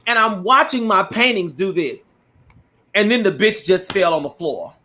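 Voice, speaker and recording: A man telling a petty neighbor story in casual chat, animated and swearing freely, acting out what people said. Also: high-pitched, normal speed. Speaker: podcast co-host.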